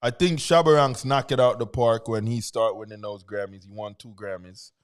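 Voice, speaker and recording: A man with a Jamaican accent chats as a guest on a talk show. His voice sits at a middle pitch, and he tells his stories in an animated way and laughs easily. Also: normal speed, smooth. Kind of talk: casual chat.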